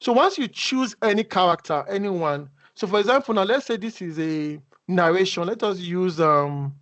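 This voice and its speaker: A man with a fairly high voice walks through a tutorial over a video call. He talks conversationally and often breaks off to restart his sentences. The call audio is muffled and dull. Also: expressive, moderate pace, fairly bright tone. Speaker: instructor. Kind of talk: casual screen-share tutorial.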